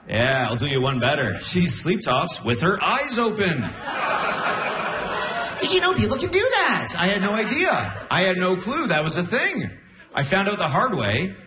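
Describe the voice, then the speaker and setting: A man doing a stand-up comedy set, telling stories with animated, incredulous outbursts. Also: unhurried. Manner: animated storytelling, jumping into high-pitched incredulous outbursts. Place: comedy club stage. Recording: roomy live venue sound. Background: audience laughter.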